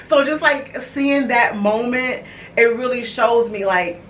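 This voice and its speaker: A woman's voice: on the high side, slow, fairly bright tone. A woman hosting a podcast, telling a personal story in casual chat, full of fillers and acted-out quotes. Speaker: podcast host. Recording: echoey room, mic far off, faint noise.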